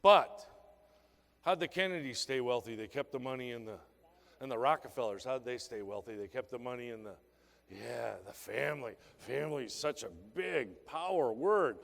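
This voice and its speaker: A man's voice: medium pitch, expressive, moderate pace, vocal fry. A man giving a motivational sales talk to a seminar audience in a conference hall, firing punchy rhetorical questions at the crowd. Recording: long reverb in a large hall.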